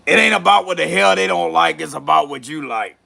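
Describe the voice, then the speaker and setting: A man's voice: fairly high pitch, fairly quick, vocal fry, pushed and bright. A man giving a casual tarot reading, talking bluntly with frequent cursing and laughter. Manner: blunt, profane, laughs often. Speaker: tarot reader.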